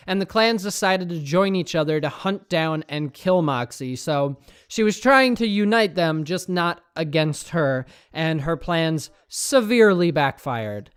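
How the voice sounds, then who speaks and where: A man's voice: fairly high pitch, clean tone. A man narrating video game lore in a casual tone, dropping wry asides.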